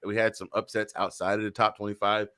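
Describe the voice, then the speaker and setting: Bright-voiced joking male show host. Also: fairly low pitch, flat delivery, fast, dry recording. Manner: chatty, joking, repeats himself. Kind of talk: casual sports talk show.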